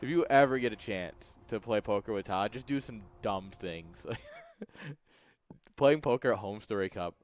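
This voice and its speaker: A man's voice: fairly low pitch, unhurried, no room sound, faint music behind. A man casting a strategy game live for his stream, chatty, laughing often and talking straight to his chat. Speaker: esports caster and streamer. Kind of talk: live game commentary mixed with chat to viewers. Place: home streaming room with a webcam.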